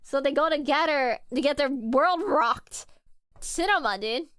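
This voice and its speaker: A woman VTuber reacting casually to a video, excitable and quick to swear. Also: high voice, dry recording. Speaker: VTuber streamer.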